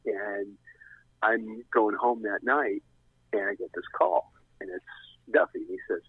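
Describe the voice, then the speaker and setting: A man's voice: lowish voice, steady tone, a little slow, slightly rough, dry recording. A middle-aged man telling a long story as a guest, rambling and restarting often. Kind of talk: casual storytelling. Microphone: phone. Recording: tinny, dry phone line.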